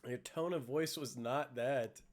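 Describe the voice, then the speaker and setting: A man's voice: mid-range voice, measured pace, crowd noise. A young man co-hosting a gaming stream, teasing his friend and laughing a lot. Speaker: streamer co-host. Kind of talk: casual gaming stream chat.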